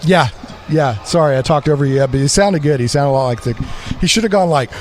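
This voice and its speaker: A man's voice: a little high, fast, darkish tone, a little hiss or hum. A man hosting a live radio broadcast from a comic convention floor, interviewing in a rambling, enthusiastic way with lots of restarts. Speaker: radio host.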